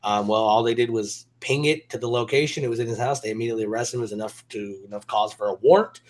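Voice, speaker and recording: A man's voice: mid-range voice, quick pace. A man hosting a casual show, telling loose, profane stories and laughing often. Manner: swearing, laughing storyteller. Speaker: show host. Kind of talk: casual chat.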